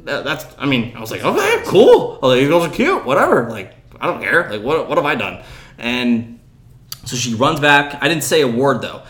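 Speaking at a moderate pace in a mid-range voice, a podcast host in his twenties spins a story in relaxed conversation. He laughs and gets animated while acting out what people said.

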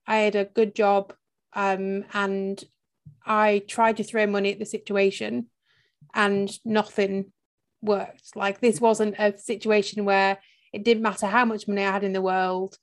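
A woman hosting a podcast, speaking in a reflective, soft way in casual chat, often trailing off quietly. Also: mid-range voice. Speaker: podcast host and burnout coach.

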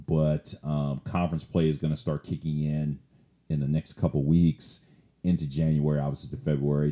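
A man's voice: low-pitched, warm tone. A man hosting a solo sports podcast, talking in a casual, rambling way with lots of fillers.

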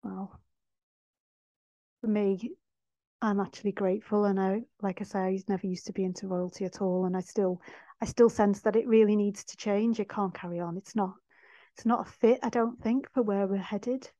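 A woman hosting a podcast, talking in a heartfelt, soft-spoken way and laughing often. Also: medium pitch, fairly even intonation, moderate pace, no room sound. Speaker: podcast host. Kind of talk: reflective spiritual monologue. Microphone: no microphone. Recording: dull dry sound, no microphone.

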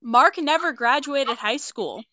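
Bright-voiced young woman recapping a case. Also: high-pitched, lively intonation, measured pace, no room sound. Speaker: podcast co-host presenting a true-crime case. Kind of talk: casual chat reading case notes. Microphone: own mic on an online call.

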